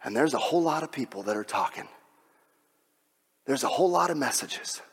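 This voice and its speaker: Pastor preaching in a reverberant hall. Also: male voice, medium pitch, expressive, a little fast, breathy edge. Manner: swings from loud mocking outbursts to soft whispered prayer. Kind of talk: sermon.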